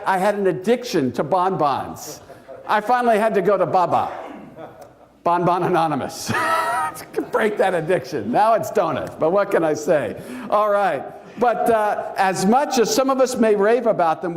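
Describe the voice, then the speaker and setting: A pastor giving a sermon in church, animated and playful, laughing at his own jokes. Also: high-pitched.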